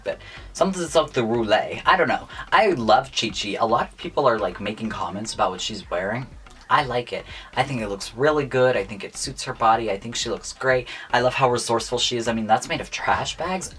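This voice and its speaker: A man's voice: mid-range voice, a bit bright, a little hiss or hum. A young man in a casual vlog, chatting through his opinions on contestants' looks, gushing one moment and blunt the next. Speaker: YouTuber reviewing contestants' looks.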